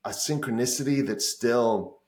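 A man's voice: mid-range voice, moderate pace. A man in his forties, a music therapist, telling stories animatedly in a casual interview and swearing freely. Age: 40s. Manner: animated, swears freely, acts out his own past thoughts. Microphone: podcast call.

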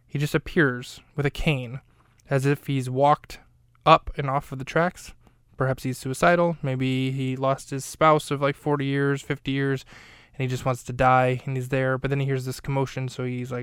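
Smooth-voiced chatty male podcast host. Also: medium pitch, flat delivery, moderate pace, a bit bright, no room sound, studio quality. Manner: talkative, digressive, frequent fillers and self-corrections. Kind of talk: casual rambling recap of a film scene. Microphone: close studio mic.

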